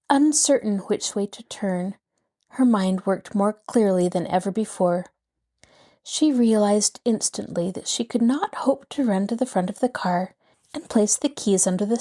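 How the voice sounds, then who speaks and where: A woman host narrating a mystery novel aloud with a lively, dramatic delivery. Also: medium pitch. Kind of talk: scripted storybook narration.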